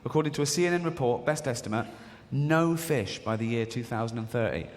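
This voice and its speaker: An Englishman in his forties performs stand-up on a large theatre stage, joking, swearing freely and acting out characters in mock voices. His mid-range voice is expressive and fairly quick. Picked up by a stage mic, the live recording carries long hall reverb and audience laughter.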